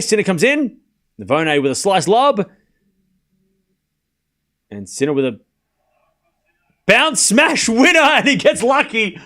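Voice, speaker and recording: A man's voice: sits high, a bit bright. A man hosting a live tennis watchalong stream, calling points and chatting casually with his viewers. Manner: chatty, laughs often, talks to chat. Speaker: host.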